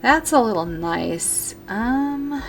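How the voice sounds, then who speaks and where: A gaming video creator offers casual commentary while building in a life-sim game, rambling and correcting herself as she thinks out loud. Her voice is on the high side and gravelly, with lively intonation and a slow pace.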